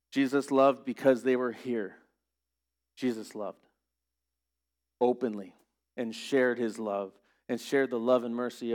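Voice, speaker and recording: A man preaching a sermon as pastor, earnest and rising to emphatic questions. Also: mid-range voice.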